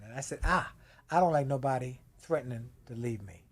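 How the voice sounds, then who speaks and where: A middle-aged man telling a marriage story in a loud, playful way, laughing often. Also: mid-range voice, fairly quick. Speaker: guest author and speaker. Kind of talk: animated storytelling.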